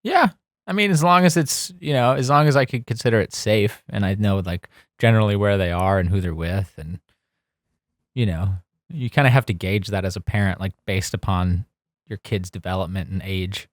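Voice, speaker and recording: A man on a podcast, telling a childhood story with lively energy and laughing at the funny parts. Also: lowish voice, moderate pace, dry recording, studio quality. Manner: animated storyteller, laughs through the punchlines. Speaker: podcast co-host. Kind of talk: casual storytelling chat. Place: studio.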